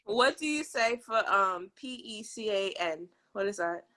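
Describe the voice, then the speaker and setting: A woman's voice: mid-range voice, expressive, unhurried, sharp tone. A woman, teasing and playful as a guest in a casual chat over a video call.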